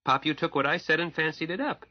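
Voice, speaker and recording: A man's voice: a little high, fast talker, no echo, dull audio, pitched above the performer's own voice, natural voice. A man reading an audiobook, voicing an eager, playful young woman who is a scientist's daughter. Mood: teasing. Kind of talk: audiobook character voice.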